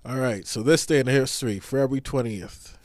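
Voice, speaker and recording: A man's voice: mid-range voice, a little slow, no echo, studio quality. A man co-hosting a casual podcast, reading news items aloud with small stumbles and a slightly nasal voice from sinus trouble. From Bahamas. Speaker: podcast co-host.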